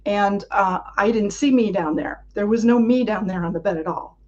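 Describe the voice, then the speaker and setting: A woman speaking as a guest, retelling a personal experience as a vivid story. She acts out her own past thoughts while she talks. Her voice sits at a middle pitch, and the recording sounds a little dull and lo-fi. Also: normal speed. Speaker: interview guest. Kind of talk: recounting a personal experience in an interview.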